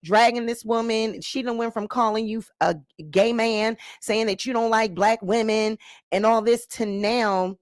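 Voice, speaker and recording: A woman's voice: on the high side, fairly even intonation, a little slow, no room sound. A woman YouTuber ranting straight to camera, sassy and confrontational, walking viewers through her points and checking in with "okay?". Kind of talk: direct-to-camera rant and explainer.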